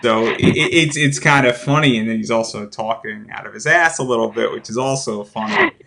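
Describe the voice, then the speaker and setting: A man's voice: medium pitch, brisk, creaky, noisy background. A man hosting a casual interview about a comic, rambling and thinking aloud with restarts. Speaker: podcast host.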